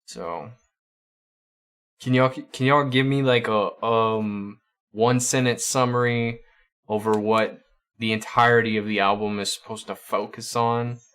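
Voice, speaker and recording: A man's voice: on the low side, steady tone, measured pace, a bit bright, smooth. A man hosting a livestream, chatting casually with viewers and often stumbling over and repeating his words. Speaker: livestream host.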